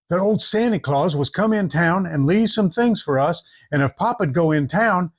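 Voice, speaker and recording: Folksy storyteller, male, high voice, drawling dialect, does the characters. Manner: drawling rural dialect, acting out each character.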